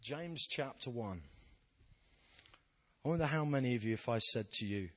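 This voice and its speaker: A man gives a sermon, telling personal stories in a self-deprecating way. His voice is bright and clear, with a forward ring. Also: mid-range voice, animated, moderate pace. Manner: anecdotal, self-deprecating storytelling. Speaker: pastor.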